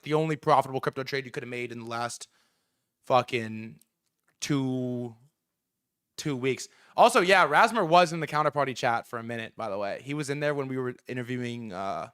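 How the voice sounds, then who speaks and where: A man hosting a casual livestream from outdoors, excitable and profane, rambling with many restarts. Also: medium pitch. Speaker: livestream host. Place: outdoors in New York City.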